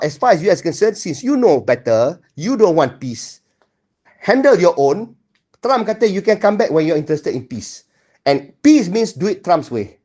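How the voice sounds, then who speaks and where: A man's voice: high voice, darkish tone. A man with a Malaysian accent giving blunt, indignant solo political commentary, dropping Malay words into his English.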